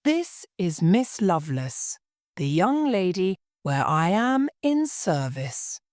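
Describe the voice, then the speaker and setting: A woman's voice: fairly low pitch, big pitch swings, slow, a little mellow, dry recording, studio quality, exaggerated voice. A woman voicing a timid young working-class maid who has just become an heiress, speaking plainly and anxiously. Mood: indignant.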